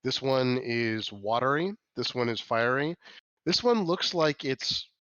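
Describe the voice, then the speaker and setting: A man's voice: medium pitch, lively intonation, unhurried, bright, forceful tone, no echo, lo-fi sound. Rambling male game master. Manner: rambling, self-correcting descriptions. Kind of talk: narrating a tabletop game.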